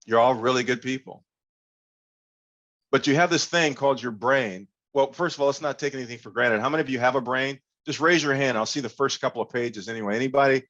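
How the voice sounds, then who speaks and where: Male workshop speaker on a video call, animated and engaging, medium voice, slightly muffled audio. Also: mid-range voice, a little fast. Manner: animated, engaging, leads audience call-and-response. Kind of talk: interactive online workshop talk.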